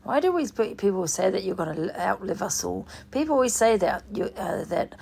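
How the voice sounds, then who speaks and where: A woman's voice: mid-range voice, expressive, a little fast, creaky, few pauses, darkish tone, a little hiss or hum. A woman hosting a livestream in rambling, sweary casual chat. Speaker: livestream host.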